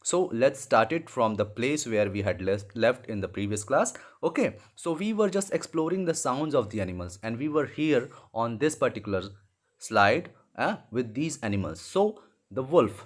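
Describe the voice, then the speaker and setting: In a mid-range voice, a man with an Indian English accent teaches English to small children online. His explaining is slow and repetitive, often switching into Hindi, and he apologises and fixes mistakes as he goes.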